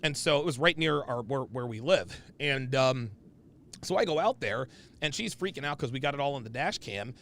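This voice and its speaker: Animated gravelly-voiced man hosting a podcast. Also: medium pitch, moderate pace, a little hiss or hum. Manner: blunt, emphatic, profane, with laughs and restarts. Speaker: podcast host. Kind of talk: casual podcast talk.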